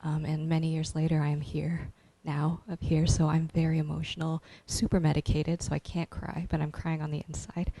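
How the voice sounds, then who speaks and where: A young woman poet at a reading, chatting playfully between slow, deliberate recitations. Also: low voice, little pitch movement, vocal fry, dark tone, dry recording, rough recording. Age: young adult. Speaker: poet reading her work. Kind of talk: poetry reading with chatty asides.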